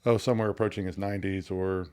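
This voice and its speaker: A man co-hosting a casual legal discussion podcast, explaining things at length with a relaxed, conversational manner. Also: deep voice, fast talker. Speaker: podcast co-host, attorney.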